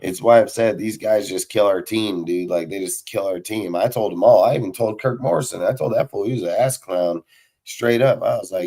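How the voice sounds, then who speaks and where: A man's voice: lowish voice, a little fast, mellow. A man hosting a casual sports talk show, ranting heatedly and swearing constantly. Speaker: podcast host.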